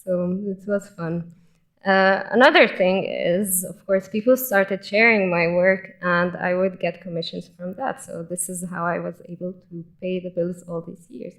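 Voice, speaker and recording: A young woman gives a personal, informal conference talk on stage with lively enthusiasm. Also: fairly low pitch, measured pace, vocal fry. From Egypt. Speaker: conference speaker.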